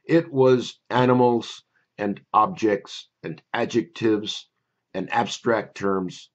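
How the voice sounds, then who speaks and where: An older man, a memory course instructor, telling a personal story in a wry, conversational way before pitching his course. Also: slow pace, highs cut off.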